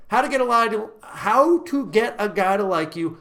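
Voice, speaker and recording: High-voiced, energetic male dating coach. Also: moderate pace, vocal fry, slight background noise. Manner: energetic, with sudden loud exclamations. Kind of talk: direct-to-camera advice talk.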